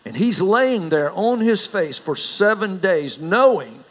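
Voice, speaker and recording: A man's voice: lively intonation, slow pace, low-quality recording. A middle-aged man preaching a sermon as a pastor, telling stories in a folksy way. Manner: folksy storyteller, rises in pitch for anecdotes.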